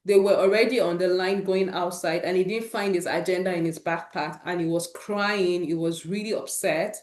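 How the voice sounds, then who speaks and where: A woman's voice: lowish voice, fairly even intonation, normal speed, darkish tone, reverberant. A woman hosting an informal talk for parents, speaking earnestly and encouragingly and weaving in personal stories. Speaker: host of a parent support session.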